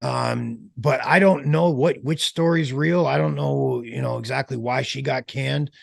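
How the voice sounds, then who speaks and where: A man being interviewed as a former pro wrestler, telling stories in a lively way, acting out quotes and laughing as he goes. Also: mid-range voice, a little slow, creaky. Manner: animated storyteller who acts out quotes and laughs. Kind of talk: casual storytelling interview.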